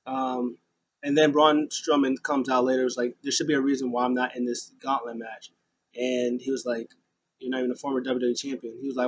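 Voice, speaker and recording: A man's voice: mid-range voice, flat delivery, a little fast, slightly rough, poor audio. A man hosting a casual recap vlog of a wrestling show. He rambles, fills gaps with "uh" and "um", and acts out the lines of the people he quotes.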